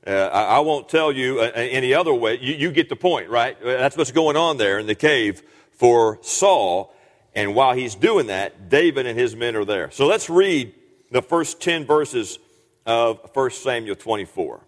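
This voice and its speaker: Male pastor, sermon delivery, middle-pitched voice, long hall reverb, earnest with restarts and emphatic peaks. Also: lively intonation, measured pace. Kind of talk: sermon with scripture reading.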